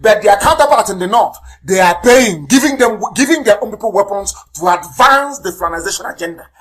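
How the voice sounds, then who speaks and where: A Nigerian-accented man delivers a heated live radio address. He hammers points home by repeating words. His voice jumps from loud outbursts to low, muttered asides. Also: lively intonation, a little fast, faint music behind, poor audio. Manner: fiery, denouncing, emphatic repetition. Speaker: political leader broadcasting on radio.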